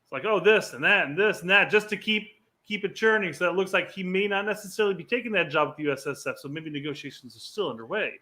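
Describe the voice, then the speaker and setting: A man's voice: sits high, quick pace, few pauses, bright, forceful tone. A man co-hosting a soccer podcast, teasing his partner in playful casual chat. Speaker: podcast co-host.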